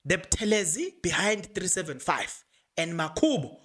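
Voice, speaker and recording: A South African man hosting a podcast, commenting excitedly on a court case with frequent laughter and Zulu phrases mixed into English. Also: sits high, moderate pace. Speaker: podcast host.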